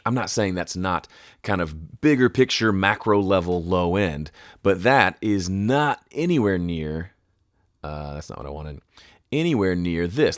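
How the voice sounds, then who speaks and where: A man teaching audio mixing at a home studio in a chatty, casual tutorial, sidetracking and correcting himself. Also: low-pitched. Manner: chatty, self-correcting, explains with sung hoots. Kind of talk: casual screen-share tutorial.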